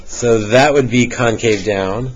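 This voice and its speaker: A middle-aged man teaching a calculus lesson in a classroom, explaining step by step with relaxed joking asides to students. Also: medium pitch, slow. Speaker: math teacher. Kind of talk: classroom lecture. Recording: dull lo-fi classroom recording with faint hiss.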